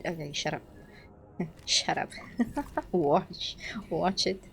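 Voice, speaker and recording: Young female streamer, excitable and sweary, casual commentary on a desk mic with a light hiss. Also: a little high, takes it slowly, pauses often. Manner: excitable, swears, laughs at herself.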